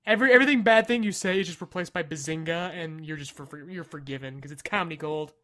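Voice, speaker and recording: A man's voice: fairly high pitch, fast talker, fairly bright tone. A young man hosting a podcast, chatting casually and crudely, swearing freely and joking with a lot of laughter. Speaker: podcast host. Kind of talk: casual comedic chat.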